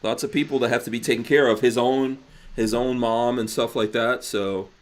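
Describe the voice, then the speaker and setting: Male co-host, mid-range voice, relaxed and teasing, lets sentences fade out. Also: medium pitch, moderate pace. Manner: teasing, trails off quietly at phrase ends. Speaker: podcast co-host reading listener comments. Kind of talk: casual podcast chat.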